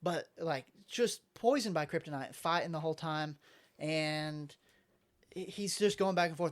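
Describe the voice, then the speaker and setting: A young man with a slightly high voice chats casually about comics from a room at home. He rambles and acts out the characters' lines as he goes. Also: normal speed. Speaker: podcast co-host. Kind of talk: casual chat, recapping comics.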